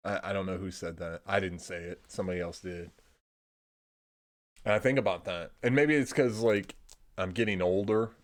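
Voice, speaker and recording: A man's voice: low voice, moderate pace. A young man from Indiana streaming casual rambling chat, laid-back, swearing freely and trailing off into "I don't know.". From Indiana, USA.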